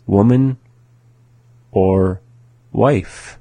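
A deep, mellow male voice that moves at a very slow, deliberate pace. He teaches a language lesson and says each word twice with patient repetition. The sound is dry and close, with a husky edge. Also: fairly even intonation, no room sound.

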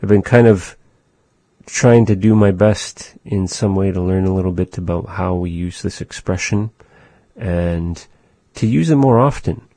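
Man, deep and slow, halting language-lesson delivery, close dry sound. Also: mellow, no echo. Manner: thoughtful, halting, searching for words. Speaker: language teacher.

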